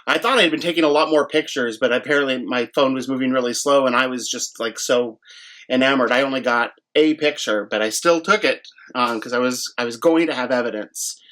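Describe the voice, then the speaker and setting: Man, mid-pitched, animated storyteller, trips over his words and restarts a lot. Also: brisk. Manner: animated, stumbling retelling with many restarts. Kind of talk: casual storytelling.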